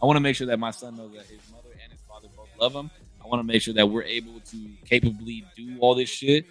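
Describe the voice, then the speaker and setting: A man's voice: mid-range voice, fairly even intonation, quick pace, a bit bright, soft background music. A man in his thirties talking candidly in a casual conversation, emphatic and blunt, often restarting his sentences. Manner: emphatic, frequent profanity and restarts.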